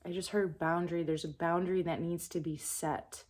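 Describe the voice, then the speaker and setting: A young adult woman giving a channeled spiritual message in a calm, soft-spoken, meditative way. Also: on the low side, moderate pace. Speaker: spiritual reader.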